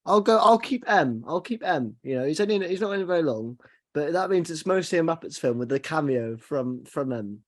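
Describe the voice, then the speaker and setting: A man's voice: on the high side, expressive, fairly quick, no echo, studio quality. A man hosting a casual film podcast, talking hesitantly with lots of ums and restarts. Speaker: podcast host.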